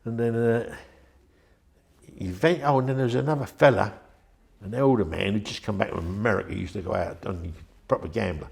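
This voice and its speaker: An older man tells his story in a chatty, meandering way, slipping into the voices of the people he remembers. His voice sits fairly low and carries a gravelly rasp. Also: fairly quick, a little mellow. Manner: rambling, chatty, acts out quoted voices. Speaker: interviewee. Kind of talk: anecdotal storytelling.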